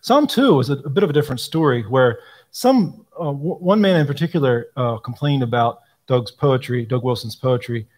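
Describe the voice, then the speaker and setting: A man answering questions about a hymnal, explaining thoughtfully with frequent pauses and ums. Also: mid-range voice, expressive, a little mellow. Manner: thoughtful, explanatory, frequent ums, quotes hymn lines aloud. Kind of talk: live Q&A talk.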